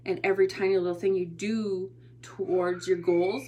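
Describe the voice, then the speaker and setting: A woman's voice: mid-range voice, level tone, normal speed, warm tone. A tired woman hosting a casual motivational livestream, chatty and rambling, often restarting her sentences. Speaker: motivational host and online entrepreneur.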